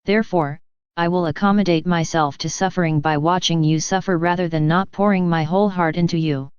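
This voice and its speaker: A woman reading the lines of Jesus as a gentle, loving divine speaker, slow and solemn, in a devotional reading. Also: fairly low pitch, steady tone, smooth, no room sound, lightly acted. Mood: tender solemn. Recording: dull lo-fi dry recording.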